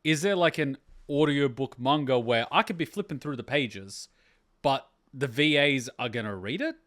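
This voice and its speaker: A man hosting an anime reaction video, chatting casually, excitable, with loose rambling anecdotes and free swearing. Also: mid-range voice, moderate pace.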